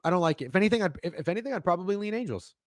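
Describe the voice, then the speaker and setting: An excitable young man riffs through his betting picks in a loose, profane ramble, tripping over restarts. His pitch leaps around in a very animated way. The sound is dry and close, with no room around it. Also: very fast, dry recording. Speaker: sports betting show host. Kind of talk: casual livestream betting talk.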